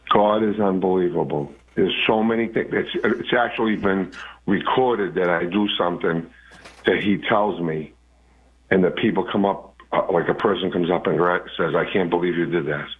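A man's voice: sits low, moderate pace, breathy edge. A man calling in to a radio talk show, telling his stories in a rambling way. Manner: rambling storyteller. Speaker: caller. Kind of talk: phone-in call. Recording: tinny phone line.

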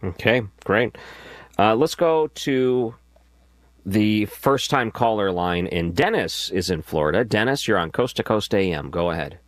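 A man hosting a radio talk show, taking callers in a calm, measured way. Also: lowish voice, no echo. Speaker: radio host.

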